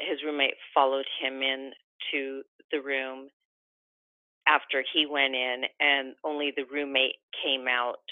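A woman's voice: low voice, dry recording. A woman giving an interview over the phone, speaking with urgent, indignant emphasis. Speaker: guest. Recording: tinny dry phone line.

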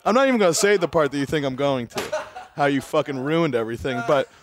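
A man's voice: fairly high pitch, sing-song, background noise. A man co-hosting a casual podcast, joking around and getting defensive about his own behavior. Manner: fast-talking, defensive, joking. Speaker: podcast co-host.

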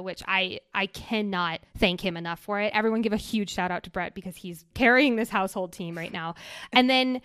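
A young adult woman co-hosting a podcast, telling a story in an animated way with frequent laughs and lots of "like". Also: mid-range voice, moderate pace, clear, resonant tone, dry recording, clean studio sound. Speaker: podcast co-host. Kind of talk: casual podcast chat and storytelling.

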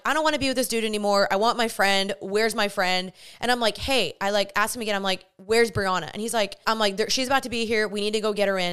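A young woman hosting a podcast, telling a personal story casually and acting out the dialogue with lively energy. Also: medium pitch, clear, resonant tone. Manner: animated, acts out quoted dialogue. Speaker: podcast host.

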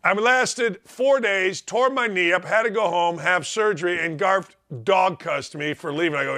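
Emphatic high-voiced sports talk host. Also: male voice, normal speed, hardly any pauses, pushed and bright. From Indiana. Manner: emphatic, rambling, repeats words for stress.

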